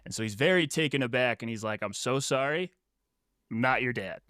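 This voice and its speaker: A man co-hosts a casual book podcast, retelling the plot with lively quoted lines. His voice is smooth and clear at a middle pitch. The recording is dry and close, with no room sound. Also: fairly quick, no echo. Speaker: podcast co-host.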